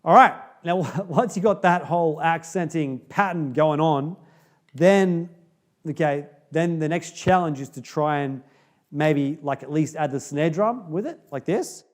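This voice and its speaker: A man's voice: fairly high pitch, a little slow. A man teaching a drum beat in a casual video lesson, upbeat and chatty, often checking in with "okay?".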